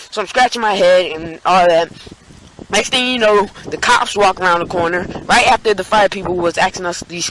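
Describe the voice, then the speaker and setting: Young man telling a rambling, high-pitched story. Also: a bit bright, low-quality recording. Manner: rambling, many fillers and restarts, acts out scared friends in high squeaky voice. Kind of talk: casual storytime vlog.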